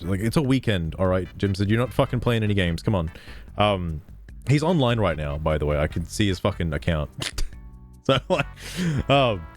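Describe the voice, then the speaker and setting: A male streamer chatting casually on a livestream, profane and self-mocking, with a strained throat. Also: sits low.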